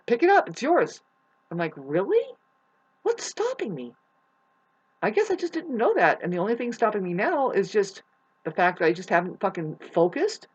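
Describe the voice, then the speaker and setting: A woman vlogging a rambling spiritual monologue, swearing often, restarting her sentences, and swinging between loud outbursts and hushed asides. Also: mid-range voice, slightly rough, dull audio. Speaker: astrology vlogger.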